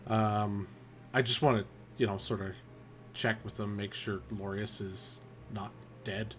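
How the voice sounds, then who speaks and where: A man playing in a tabletop game, speaking in character in a relaxed, hesitant way. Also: on the low side, measured pace, slight background noise. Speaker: player. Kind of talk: casual in-character play.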